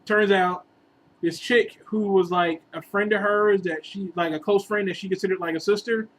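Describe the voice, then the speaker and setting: High, bright-voiced man ranting. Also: moderate pace, a little hiss or hum, rough recording. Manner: rambling, animated, bursts into exasperated outbursts. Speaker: vlogger giving relationship advice. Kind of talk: casual storytelling monologue.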